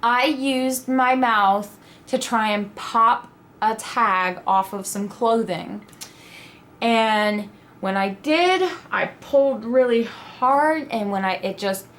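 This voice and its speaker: A woman's voice: mid-range voice, slow pace. A young adult woman recounting a mishap in a casual vlog, voice sitting mid-range. She tells it dramatically, slipping into quoted reactions. A faint hiss of ambient noise sits under her voice. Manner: animated, dramatic retelling with quoted asides. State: pregnant (at the time told). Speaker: vlogger. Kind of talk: casual storytelling.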